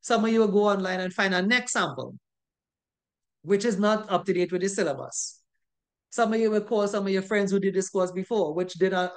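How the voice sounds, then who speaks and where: An instructor with a Trinidadian accent teaching a recorded online class. The delivery is emphatic and scolding, hammering the same points over and over and checking in with a constant tag question. The voice sits at a middling pitch. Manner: emphatic and scolding, repeats points, ends with "right?". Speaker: safety course instructor.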